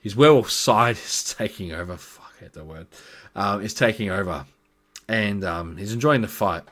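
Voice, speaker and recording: Brief: a low-voiced man as game master, giving a loose, rambling recap of a tabletop campaign. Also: normal speed, a bit bright. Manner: rambling, with many fillers.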